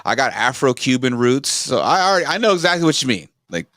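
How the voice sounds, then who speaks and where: A man's voice: medium pitch, big pitch swings, fast talker, fairly bright tone, no room sound, studio quality. A man from Seattle in casual podcast discussion, explaining with animation and a habit of repeating "like".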